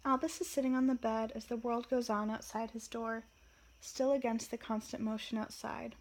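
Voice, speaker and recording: A woman casually reading stage directions aloud from a play script, quiet and soft. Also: a little high, flat delivery, moderate pace, poor audio. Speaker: reader and commentator.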